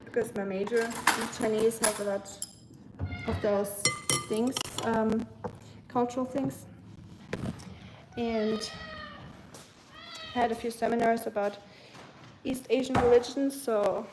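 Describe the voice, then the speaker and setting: A woman's voice: fairly high pitch, fairly even intonation, slow pace, pauses often, noisy background. A young woman hosting a casual livestream, chatting and musing with her viewers while she eats. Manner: chatty, musing, answers chat while eating. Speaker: livestream host. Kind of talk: casual chat with live chat viewers.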